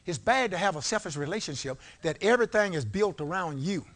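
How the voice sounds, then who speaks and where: A man preaching a sermon in a church, leading call-and-response and swinging from low talk to shouted peaks. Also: animated, fairly quick. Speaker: pastor. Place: church sanctuary before a congregation. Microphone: live-streamed service mic.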